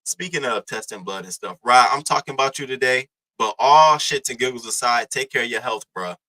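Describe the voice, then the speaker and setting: A man's voice: medium pitch, brisk, pushed and bright, poor audio. A young man hosting a casual live-stream commentary, talking loose and profane in slang and greeting chatters by name.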